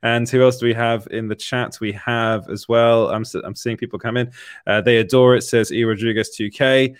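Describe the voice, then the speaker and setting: With a clear, resonant mid-range tone that stays steady at a moderate pace, a young streamer reads his viewers' comments aloud in casual live chat. He laughs often and uses plenty of fillers, and the studio recording is clean with no room sound.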